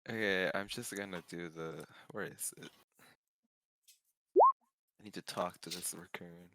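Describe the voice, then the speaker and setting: Joking male player, lower bright voice, lively, dry sound. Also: measured pace. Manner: joking, laughs often. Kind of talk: casual tabletop game chat.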